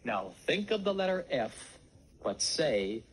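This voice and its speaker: A man teaching ventriloquism on a scripted instructional record, patient and gently firm as he coaches. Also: medium pitch, big pitch swings, takes it slowly, a little hiss or hum, low-quality recording.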